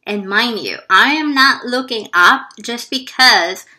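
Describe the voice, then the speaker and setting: A woman tells a personal story slowly and earnestly, with a bright, forceful voice. She drops into hushed asides at times. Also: fairly high pitch. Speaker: vlogger.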